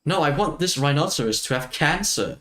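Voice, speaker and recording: A man's voice: fairly high pitch, animated, a little fast, a bit bright. A man streaming a video game, chatting casually as he plays, rambling and self-mocking and laughing often. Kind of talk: casual gameplay chat.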